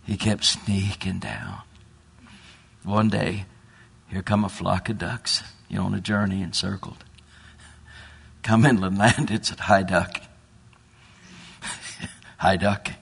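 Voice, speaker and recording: A man preaching a sermon, telling a folksy animal story and building toward loud exhortation. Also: deep voice, fairly even intonation, takes it slowly, gravelly, pauses often, husky.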